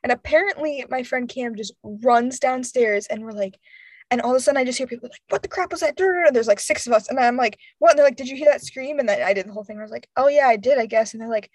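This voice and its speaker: A woman in her twenties telling a story in casual chat, animated and acting out the voices of friends, laughing often. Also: fairly high pitch, fast, no echo. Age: 20s.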